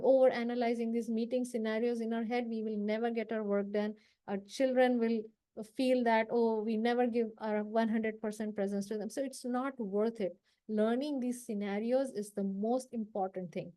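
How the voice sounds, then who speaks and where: A woman's voice: fairly high pitch, darkish tone. A woman trainer giving a live confidence workshop, talking casually and checking in with her audience as she acts out short workplace lines. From South Asia. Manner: coaching, conversational, asks the audience for agreement.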